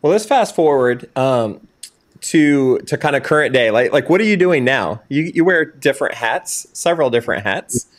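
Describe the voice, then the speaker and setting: Lively male host on a video call. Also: medium pitch, normal speed. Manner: short encouraging responses and prompts. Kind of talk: remote video call interview. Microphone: video call microphone.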